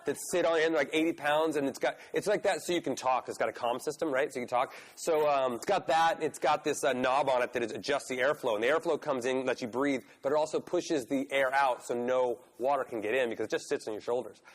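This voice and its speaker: A man in his forties telling a long story in casual speech, animated and prone to swearing, with many fillers. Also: mid-range voice, fast, few pauses. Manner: animated, swears, lots of "like" and "right?". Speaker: guest, pro BMX rider.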